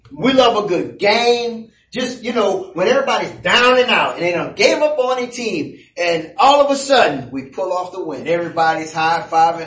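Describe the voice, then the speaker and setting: Guy preaching in a big echoey church, high-ish voice, heard from a ways off, acts out the story. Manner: animated storytelling with playful asides. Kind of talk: sermon. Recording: echoey room, voice from a distance.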